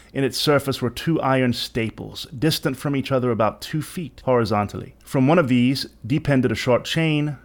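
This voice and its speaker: Expressive man doing a dramatic reading. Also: mid-range voice. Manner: theatrical, expressive narration. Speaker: reader.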